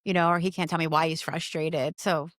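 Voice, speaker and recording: A woman in her forties, a mother talking earnestly in an interview, in quick bursts with many restarts. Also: low voice, fairly even intonation, a bit bright, dry recording, clean studio sound. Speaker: guest, mother. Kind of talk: conversational interview.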